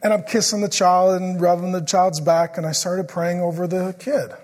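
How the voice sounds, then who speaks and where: Middle-aged pastor guy preaching, kinda husky and fairly high, long echo in a big hall. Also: flat delivery, moderate pace, few pauses. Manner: joking storyteller who turns quiet and earnest in prayer. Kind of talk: sermon.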